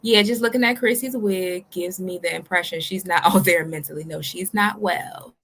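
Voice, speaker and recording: A woman's voice: lowish voice, moderate pace, a bit bright, slightly rough. A woman hosting a reaction video, giving casual, sassy and profane commentary while teasing her viewers.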